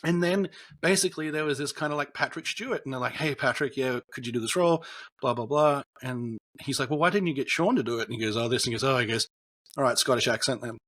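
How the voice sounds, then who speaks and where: This young podcast co-host speaks quickly, with a medium-pitched, fairly bright voice. He chats loosely about a film, rambling through behind-the-scenes stories packed with fillers.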